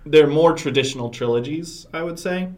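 A man's voice: a little high, moderate pace, darkish tone. A man co-hosting a casual chat podcast, rambling and joking, often trailing off and restarting. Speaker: podcast co-host.

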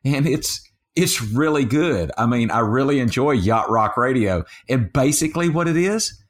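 A man's voice: mid-range voice, expressive, moderate pace. Rambling man on a sports podcast. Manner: rambling, self-correcting, laughs easily. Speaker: podcast co-host. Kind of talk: casual chat.

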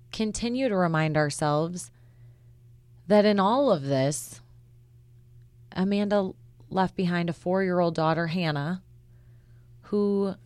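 A woman reporter with a low voice recounts a news story in an earnest, conversational way. The sound is dry and close, with no room around her. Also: a little mellow, no room sound. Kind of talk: podcast news discussion.

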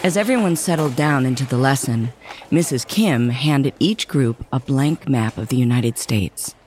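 A man narrating a children's story in an expressive, measured reading. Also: medium pitch, slight background noise.

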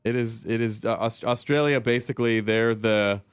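A man's voice: medium pitch, moderate pace, smooth, no room sound. Guy hosting a podcast, goes off on tangents, jokes around, dry sound no room. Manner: rambling, jokey, swears. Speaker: podcast host. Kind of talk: casual chat.

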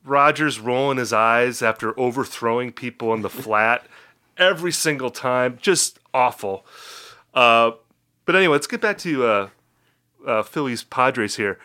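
A man from the middle of the country hosting a sports podcast, ranting with mock outrage in an animated way. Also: medium pitch, unhurried, smooth. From Wisconsin, middle of the country. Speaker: podcast host.

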